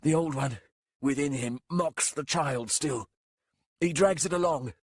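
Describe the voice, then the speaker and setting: A man voicing a frightened male warlock who speaks in a rough, rasping hiss, in an audiobook. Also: on the high side, unhurried, dry recording, studio quality, pitched above the performer's own voice. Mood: urgent, hoarse.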